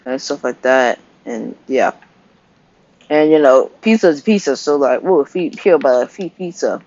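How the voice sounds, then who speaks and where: A man's voice: medium pitch, expressive, a little slow, long pauses, a little mellow, no echo. A man narrating an improvised fan story in a loose, rambling way. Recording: dull lo-fi recording.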